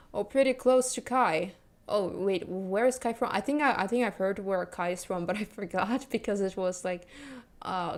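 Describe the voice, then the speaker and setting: A woman's voice: mid-range voice, a little mellow. A woman streamer chatting casually with her viewers while gaming, rambling and giggling often. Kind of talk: casual chat with viewers during a game stream.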